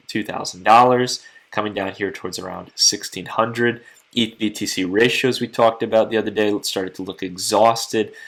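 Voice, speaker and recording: A man hosting a crypto market commentary channel, talking quickly and earnestly to his viewers late at night, a little tired. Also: lowish voice, fairly bright tone. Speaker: crypto market analyst host. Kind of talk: casual market commentary to camera.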